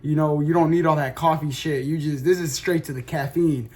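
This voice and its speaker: A young man telling a rambling story to his viewers, casual and slangy, swearing a lot, with sudden loud shouts and laughs. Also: a little high, fairly even intonation, a little fast.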